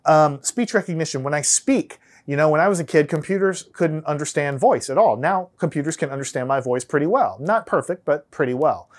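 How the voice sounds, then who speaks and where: This is a man with a Texan American accent talking through a classroom lesson at his own easy pace. His delivery is conversational, and he keeps checking in with a quick "right?" and stumbles back over his phrases now and then. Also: a little high, expressive. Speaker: teacher. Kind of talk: casual whiteboard lecture.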